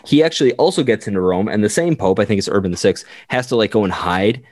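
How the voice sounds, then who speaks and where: Low-voiced man rambling through history. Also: lively intonation, fast, darkish tone, no echo, studio quality. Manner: rambling, full of "like", acts out quotes. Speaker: podcast co-host. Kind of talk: casual history storytelling.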